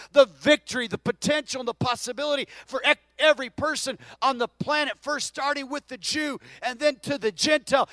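A male pastor preaching a sermon in a church, swinging from hushed murmurs to loud, impassioned cries. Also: very high-pitched, fairly even intonation, brisk, hardly any pauses, dry recording. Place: church stage.

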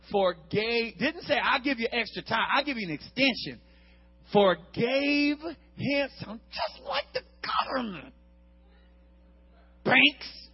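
A man preaching a lively, humorous sermon, acting out the Bible characters and swinging between shouts and hushed asides. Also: extremely high pitch, a little slow, husky, dull audio.

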